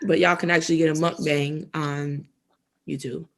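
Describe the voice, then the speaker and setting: A woman's voice: sits low, level tone, moderate pace, gravelly. A woman co-hosting a casual podcast while eating, chatty and laughing often as she shares tips. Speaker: podcast co-host.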